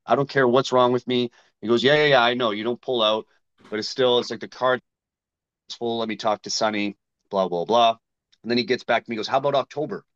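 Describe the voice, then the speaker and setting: A man's voice: medium pitch, steady tone, brisk, fairly bright tone, lo-fi sound. A man guest in a casual interview, talking bluntly and retelling conversations with others. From Canada. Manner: blunt, storytelling, acts out both sides of conversations. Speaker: guest fighter.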